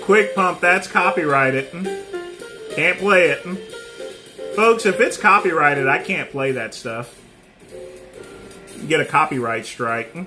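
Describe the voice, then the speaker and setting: A middle-aged man hosting a casual livestream, answering viewers' comments by name and pausing often on fillers. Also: on the high side, expressive, bright, forceful tone, soft background music. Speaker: livestream host.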